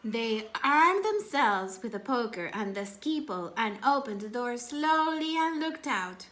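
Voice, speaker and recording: Woman storyteller for children, bright high voice, expressive, unhurried. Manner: slow, expressive read-aloud. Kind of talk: reading picture books aloud to children.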